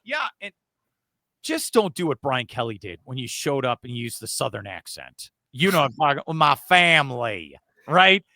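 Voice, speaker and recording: Bright, lively man talking football. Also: medium pitch, moderate pace, no echo, clean studio sound. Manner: excitable, joking. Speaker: sports talk co-host. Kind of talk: casual sports talk.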